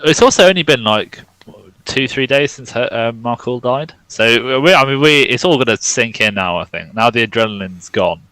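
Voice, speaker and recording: A man's voice: medium pitch, expressive, normal speed, sharp tone, no room sound, poor audio. A man playing in a tabletop game, talking casually with a dry, joking manner. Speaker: player.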